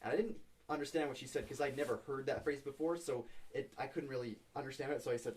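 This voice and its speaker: A man's voice: medium pitch, fast, few pauses, recorded from a distance. A young man co-hosting a podcast, telling stories in casual chat and acting out the people in them. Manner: animated, acts out people in his stories. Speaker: podcast co-host.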